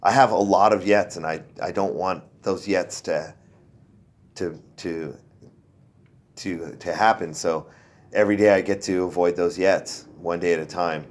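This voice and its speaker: A man's voice: sits low, fairly even intonation, a little slow. Rambling man sharing a recovery story. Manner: rambling and self-deprecating, with many fillers and restarts. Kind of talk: casual personal testimony.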